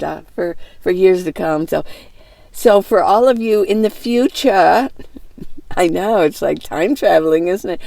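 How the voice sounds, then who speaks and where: A woman's voice: fairly low pitch, gravelly, no echo. A woman in her sixties rambling through a casual reflective monologue as a van life vlogger, with many fillers and restarts. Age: 60s. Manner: rambling, warm-hearted, many fillers and restarts, laughs often. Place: inside a minivan.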